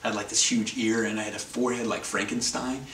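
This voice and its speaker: Talking to camera, a man with a lowish, fairly bright voice spins a wry, meandering anecdote at a quick pace and in a steady tone, frequently correcting himself mid-story. The audio is distant and roomy, with a faint noise behind him.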